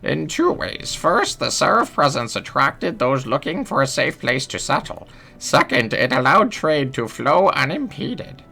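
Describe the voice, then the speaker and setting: A man voicing a chatty old village woman from a video game who slowly recounts the history of her village. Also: medium pitch, sing-song, vocal fry, bright, forceful tone, voice pushed up, full character voice. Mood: telling history. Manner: slow, lilting storyteller.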